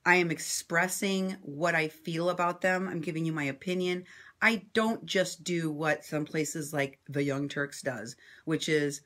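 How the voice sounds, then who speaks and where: Assertive, sarcastic woman with a bright voice. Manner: assertive and sarcastic, swings between loud and low. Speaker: independent journalist and vlogger. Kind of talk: impassioned commentary responding to viewer comments.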